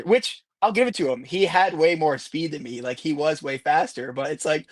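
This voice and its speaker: A man talking as a guest racer on a casual live stream, telling animated stories and laughing often. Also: on the high side, normal speed, few pauses, dry recording.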